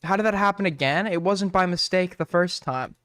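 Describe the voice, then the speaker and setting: A man's voice: high-pitched, brisk, a bit bright, no room sound, clean studio sound. A man streaming, giving casual profane reaction commentary in a ranting, rambling way.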